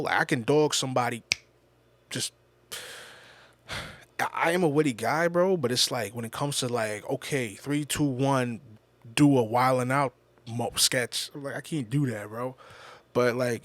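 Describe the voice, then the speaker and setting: A podcast host speaks with a medium-pitched male voice and no echo. In a casual, reflective monologue he shares a personal story, often stopping to repeat words and swearing freely.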